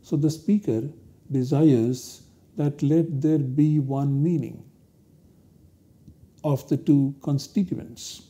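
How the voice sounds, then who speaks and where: A man giving a university lecture, explaining step by step in a slow, deliberate way. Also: fairly high pitch, fairly even intonation, warm tone. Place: recorded lecture studio.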